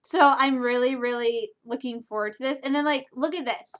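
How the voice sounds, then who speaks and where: A high-pitched young woman from Michigan with a bright, forceful voice chats casually in a reaction vlog. She gushes with excitement and breaks into laughter often. She sounds like she is in her twenties. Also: moderate pace. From Michigan, USA. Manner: gushing, excitable, bursts of laughter. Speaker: YouTuber reacting to a trailer.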